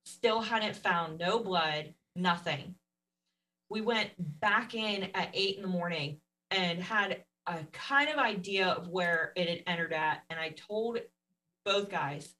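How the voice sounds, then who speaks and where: A woman guest telling a story in a casual, animated way, laughing often and acting out what others said. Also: lowish voice, distant mic, poor audio. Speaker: podcast guest.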